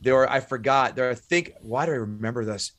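A man who is a stand-up comic, a guest on a podcast, telling stories in a lively way and acting out the voices. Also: medium pitch, a little fast. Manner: animated storyteller, acts out voices. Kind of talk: casual storytelling chat.

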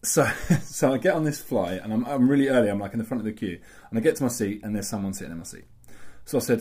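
Male podcast co-host, quick-talking, fond of swearing and acting out voices in anecdotes. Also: on the low side, darkish tone, slightly rough. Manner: swears freely and acts out quoted voices in anecdotes. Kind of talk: casual chat.

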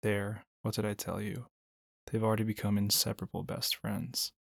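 A man reading a storybook, voicing a calm, motherly female deer. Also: fairly low pitch, moderate pace, gravelly, husky, no room sound, clean studio sound.

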